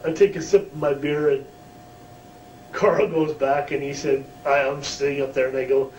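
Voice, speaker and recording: A man's voice: mid-range voice, steady tone, moderate pace, a little mellow. A man, a former wrestler, telling a backstage story in a shoot interview, profane and chuckling. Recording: roomy distant mic, faint hum.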